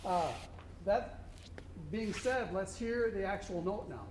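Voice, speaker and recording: A man's voice: sits high, measured pace, pauses often. A man working as a contest judge, coaching a student band and singing rhythms aloud to show them. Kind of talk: instructional clinic to a student band. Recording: echoey room with faint noise.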